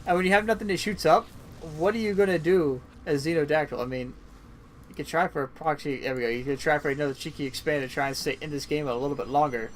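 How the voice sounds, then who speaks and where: A man giving casual, chatty play-by-play commentary on a strategy game match, swinging into excited bursts, and sounding tired. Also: a little high, fast talker, slight background noise. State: yawning, tired. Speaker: esports caster.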